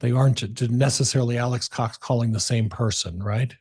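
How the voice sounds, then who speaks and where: A man's voice: medium pitch, steady tone, brisk, a little mellow, breathy edge. A man working as a defense attorney, methodically questioning a witness in a courtroom with some hesitations.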